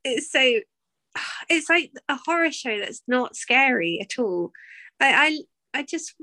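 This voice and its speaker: A woman co-hosting a casual podcast chat, her voice pitched a little above the usual. She keeps an easygoing tone, trailing off and hedging as she feels her way through her points. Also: very animated, slow, sharp tone. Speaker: podcast co-host.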